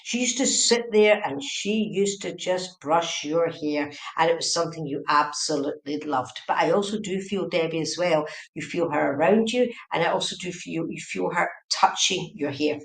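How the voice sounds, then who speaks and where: Woman medium, low-ish voice, chatty repetitive live reading, echoey home room. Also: moderate pace, creaky, hardly any pauses. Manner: repetitive, chatty, keeps checking "does this make sense". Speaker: psychic medium. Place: indoors at home, room with a heater.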